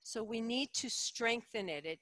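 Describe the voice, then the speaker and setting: Slow, calm woman yoga teacher. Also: on the high side, no echo, rough recording. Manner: calm, encouraging cueing with slow deliberate phrasing. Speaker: yoga instructor. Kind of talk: guided yoga instruction.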